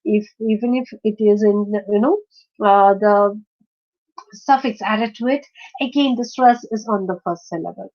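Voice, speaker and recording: A woman's voice: medium pitch, unhurried, a little mellow. A woman teaching a lesson, explaining step by step and often checking with "right?" along the way. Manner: explains step by step with many fillers and checking questions. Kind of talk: online lesson on word stress. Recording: dull lo-fi recording.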